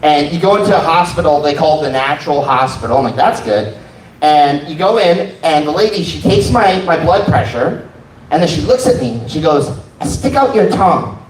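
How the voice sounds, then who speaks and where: A man's voice: a little high, animated, moderate pace, slight background noise. A man telling personal stories in a stand-up set, wry and laid-back. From United States. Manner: wry, laid-back storytelling with quoted asides. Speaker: stand-up comedian. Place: comedy club stage. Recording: roomy live sound from a distance.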